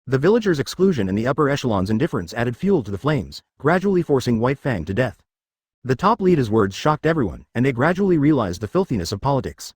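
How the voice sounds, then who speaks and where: A man giving scripted story narration in an even, synthetic-sounding reading. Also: medium pitch, fast talker, slightly rough, no echo, studio quality.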